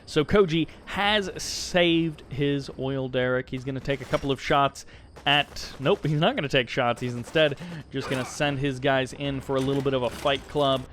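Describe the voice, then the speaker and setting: A man's voice: medium pitch, moderate pace, fairly bright tone, a little hiss or hum. An American man giving casual, chatty play-by-play commentary on a strategy game, upbeat and self-deprecating.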